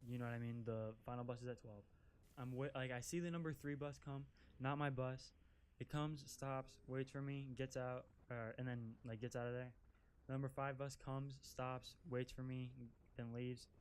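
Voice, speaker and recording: A man's voice: medium pitch, steady tone, normal speed, clear, resonant tone. A young man telling a casual storytime as a vlogger, rambling, swearing and leaning on "like" constantly, while out driving an off-road vehicle. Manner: rambling, profane, filler-heavy with constant "like".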